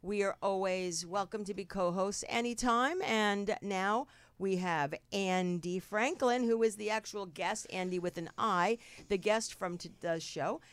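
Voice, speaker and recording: A woman's voice: mid-range voice, unhurried, smooth, no room sound. Middle-aged jersey woman hosting a talk show, new jersey accent, brash and rambly, dry close sound. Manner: brash, swears freely, rambling storyteller. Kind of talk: casual chat.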